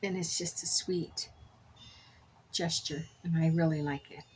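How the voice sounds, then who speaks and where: A middle-aged woman with a low-pitched, fairly even, somewhat slow voice chats casually in a crafting vlog while making beaded jewelry, telling rambling stories and correcting herself. The audio is poor, with slight background noise.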